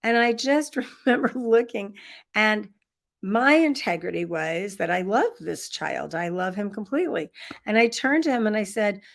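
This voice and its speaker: Over a computer mic, a middle-aged woman running a live online workshop tells a warm personal story, breaking into laughter often. Her medium-pitched voice is expressive, with vocal fry and a moderate pace. There's slight background noise.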